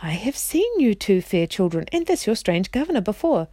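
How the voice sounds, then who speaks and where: A woman's voice: mid-range voice, very animated, moderate pace, dark tone, no room sound, clean studio sound. A woman reading a proud courtly young knight. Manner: formal archaic speech. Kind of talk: reading a storybook aloud.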